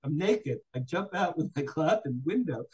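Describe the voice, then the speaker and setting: A man's voice: a little high, moderate pace, noisy background. An older man from New Jersey, a guest author telling a comic personal story and acting out other people's lines. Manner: animated, acts out other people's quotes.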